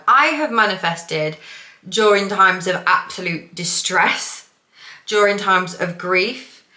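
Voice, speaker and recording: Bright, chatty woman in an echoey room. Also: medium pitch. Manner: chatty, swears freely, laughs at herself. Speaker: manifestation coach. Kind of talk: casual vlog talk. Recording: roomy echo.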